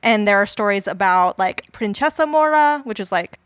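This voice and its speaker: A woman's voice: medium pitch, animated, moderate pace, a bit bright, clean tone, no echo. A woman co-hosting a podcast, chatting casually about a film and explaining myths with lots of asides. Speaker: podcast co-host.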